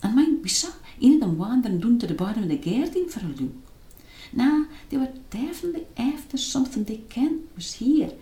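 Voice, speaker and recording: A woman's voice: on the high side, big pitch swings, fairly quick, mellow, pitched above the performer's own voice. A woman with a Scots accent voicing a frightened young boy who leads his friends, in a storybook reading. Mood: puzzled. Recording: roomy echo.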